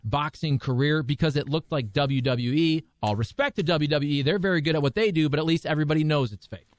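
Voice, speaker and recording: A man hosting a sports radio show, talking in a measured, wry, conversational way. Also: a little high, no echo. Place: radio studio.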